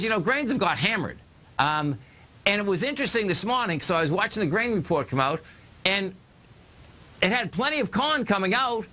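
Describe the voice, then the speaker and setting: Excitable high-voiced male market show host. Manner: excited, rambling, talks straight to viewers as "folks". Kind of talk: energetic market talk show hosting.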